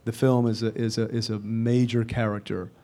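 A man who wrote and directed a film, answering interview questions in a measured, deliberate way. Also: lowish voice, level tone, mellow. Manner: measured, deliberate, with occasional fillers.

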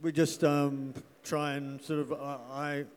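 A man's voice: on the high side, flat delivery, slow, clean tone. Chatty man from New Zealand. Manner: chatty, restarts phrases, joking. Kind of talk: panel Q&A answers.

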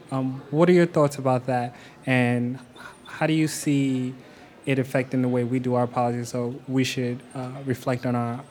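A man's voice: medium pitch, darkish tone. A man in the audience asking an earnest question.

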